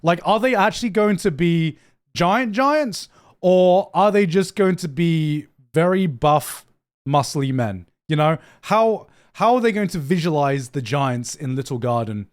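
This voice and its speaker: A young man chatting casually on a live stream, excitable, swearing freely and often repeating himself as he reacts. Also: fairly high pitch, unhurried. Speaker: streamer reacting to anime news.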